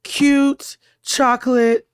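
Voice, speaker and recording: A woman hosting a podcast, telling a dating story in casual chat, her voice hoarse from laryngitis. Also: high voice, very slow, no room sound, studio quality. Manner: chatty and expressive, storytelling. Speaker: podcast host. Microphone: studio mic.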